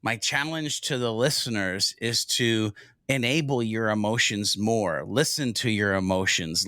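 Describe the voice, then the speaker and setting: A middle-aged man co-hosting a podcast, talking openly and earnestly with a heartfelt tone. His voice has a bright, forceful edge. It is recorded dry and close, with no room sound. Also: mid-range voice, no echo. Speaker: podcast co-host. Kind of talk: casual podcast chat.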